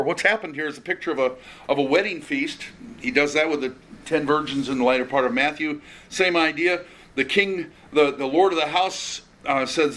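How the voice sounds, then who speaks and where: A man's voice: mid-range voice, a little fast, a bit bright, a little hiss or hum. A man preaching an expository sermon, earnest and conversational, often restarting phrases.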